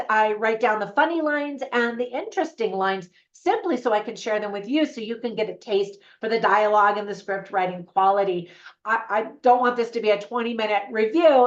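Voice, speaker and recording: A woman's voice: medium pitch, muffled recording. A woman reviewing a film for viewers in a chatty, upbeat way, speaking straight to her audience. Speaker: movie reviewer. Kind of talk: casual video review.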